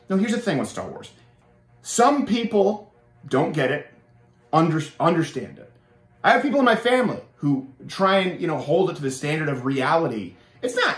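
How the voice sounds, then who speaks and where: A high-voiced young man from Canada rants sarcastically as a show host, his pitch leaping up and down as he goes. He stumbles and restarts often. The room around him sounds echoey. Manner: animated, sarcastic, with many restarts. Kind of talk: opinionated monologue.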